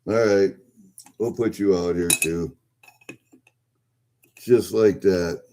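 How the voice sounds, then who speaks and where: A man's voice: low-pitched, steady tone, slow pace, a little mellow, a little hiss or hum. A man talking casually to himself as he opens packages, muttering and rambling as he goes. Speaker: vlogger opening packages. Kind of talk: casual unboxing commentary.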